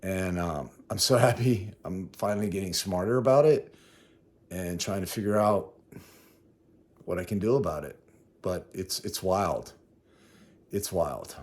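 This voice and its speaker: A man's voice: sits low, unhurried, pauses often, darkish tone. A man vlogging a casual spoken recap of his day, rambling and correcting himself as he goes. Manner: conversational, rambling, self-correcting. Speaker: travel vlogger.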